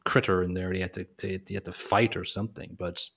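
A man talks through a film with a friend in an easy, wry way, sometimes swearing. His voice sits very low. It has a gravelly, creaky edge. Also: little pitch movement, quick pace, fairly bright tone. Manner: chatty, wry, swears casually. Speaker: podcast co-host. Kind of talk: casual movie review chat.

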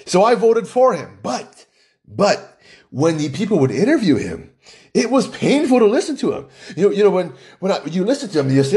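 A middle-aged man from Hawaii talks in a loose, rambling monologue. He keeps restarting his sentences and leaning on fillers. His voice sits a bit high and moves up and down with lively intonation. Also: moderate pace. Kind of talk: casual monologue.

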